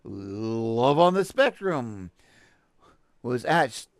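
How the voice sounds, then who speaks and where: A man's voice: mid-range voice, big pitch swings, very slow, dry recording, studio quality. A man from Texas with a Texan accent, hosting a show and reading a news article aloud, with sarcastic asides and stumbling restarts. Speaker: podcast host.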